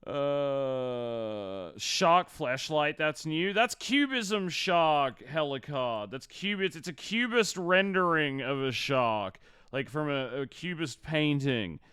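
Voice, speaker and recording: A man's voice: fairly high pitch, animated, takes it slowly, a bit bright, clean tone, dry recording, clean studio sound. A man chatting casually on a live stream, reading out viewer messages and swearing freely with his co-host.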